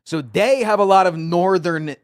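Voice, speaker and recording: A man's voice: high-pitched, normal speed, smooth. Rambling man from Virginia. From Virginia, United States. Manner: rambling, repeats words while searching for them. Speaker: streamer. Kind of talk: casual chat on a call.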